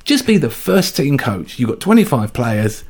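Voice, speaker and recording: A man's voice: mid-range voice, very animated, normal speed, darkish tone. A man hosting a casual football chat, opinionated and mocking.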